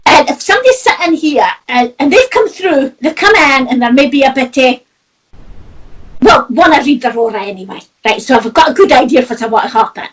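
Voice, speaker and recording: A woman's voice: sits high, lively intonation, a little fast, poor audio. A middle-aged woman from north-east Scotland with a Doric accent, a psychic medium telling stories in a chatty way, laughing often and swearing. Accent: north-east Scottish (Doric). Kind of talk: casual chat.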